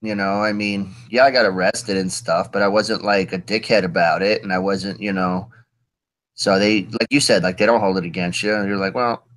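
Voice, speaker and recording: A man's voice: sits low, steady tone, moderate pace, fairly bright tone. A man chatting casually in a laid-back, profane way. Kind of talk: casual chat.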